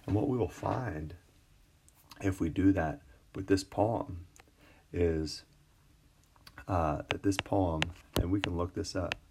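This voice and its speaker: A man teaching an English class in a screencast lecture, relaxed and full of fillers and restarts. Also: sits low, takes it slowly, long pauses, a little hiss or hum. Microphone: tablet recording.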